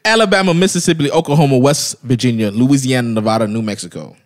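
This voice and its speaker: A man co-hosting a podcast, excitable and slangy, laughing a lot in casual banter. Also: medium pitch, fast. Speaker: podcast co-host.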